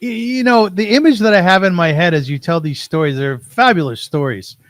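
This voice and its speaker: A male host asks questions, often stumbling over the first words. His voice sits fairly high. The recording is dry and close. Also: a little fast, no room sound. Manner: hesitant, repeats words when starting questions. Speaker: podcast host. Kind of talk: interview questions.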